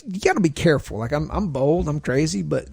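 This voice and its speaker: A man in his forties, a pastor guest on a podcast, telling lively stories from his travels and acting out the people in them. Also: a little high, quick pace, creaky, a crowd in the background. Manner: lively storyteller who acts out the voices in his stories. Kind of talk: casual storytelling chat.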